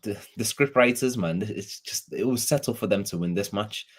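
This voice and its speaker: A man's voice: lowish voice, moderate pace. A man with a Scouse accent in a casual football fan chat, rambling, rueful and self-deprecating.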